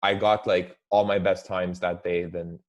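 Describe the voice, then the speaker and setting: A young man talking casually as a guest, relaxed and full of "like" fillers. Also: deep voice, unhurried. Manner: relaxed, heavy use of "like" fillers. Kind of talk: casual chat.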